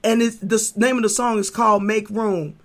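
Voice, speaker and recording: A woman preaching a sermon, moving from hushed talk to shouting, repeating herself and stumbling over fillers. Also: mid-range voice, steady tone, normal speed. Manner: impassioned, swings from hushed to shouting.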